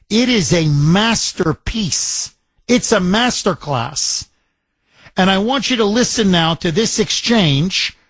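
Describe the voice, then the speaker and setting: A man's voice: high-pitched, husky, no echo. A man hosting a talk radio show, delivering an emphatic, combative opinion monologue and repeating words for force. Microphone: studio microphone.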